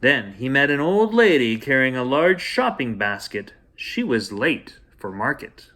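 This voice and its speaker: Man, bedtime storyteller, playful gentle reading, lively melodic pitch, mid voice. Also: a little slow. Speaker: storyteller host. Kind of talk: bedtime story read aloud.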